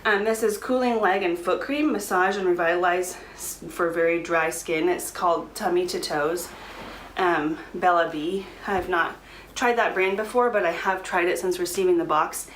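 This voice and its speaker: A young woman vlogging casually, chatty and quick to laugh, with frequent ums. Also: lowish voice, steady tone, a bit bright, echoey room, a little hiss or hum, poor audio. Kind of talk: casual pregnancy update vlog.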